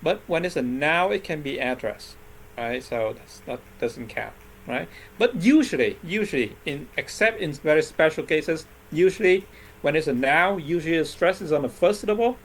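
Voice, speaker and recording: A man with a somewhat high voice leads an English lesson. He is patient and keeps checking in with "right?" and "okay?" as he explains each point. A faint background hum sits under his voice. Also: expressive, moderate pace. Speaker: English teacher. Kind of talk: classroom lesson explaining word stress.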